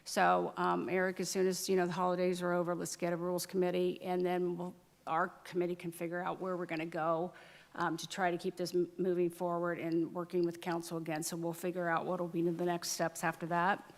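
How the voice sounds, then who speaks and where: A woman's voice: on the low side, monotone, fairly quick, creaky. A woman council member giving a committee report at a city council meeting, reading from notes with frequent fillers. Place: council chamber. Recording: reverberant council chamber.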